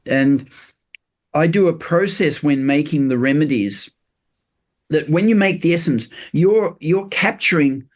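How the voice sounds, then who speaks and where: An older man, a podcast guest talking earnestly in a loose, explanatory way, often pausing on fillers and restarting sentences. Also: a little high, expressive. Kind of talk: casual interview chat.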